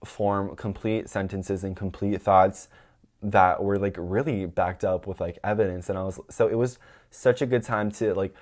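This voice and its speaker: Young male podcast host with a lowish voice, venting in animated, rambling, profane chat. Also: moderate pace. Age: young adult. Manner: animated, rambling, heavy use of "like" and swearing; acts out quoted people in a raised voice. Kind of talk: casual storytelling monologue.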